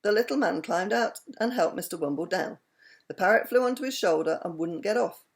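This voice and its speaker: Reading a kids' story out loud, this woman sounds animated and full of expression, her mid-range voice running at a slightly brisk pace.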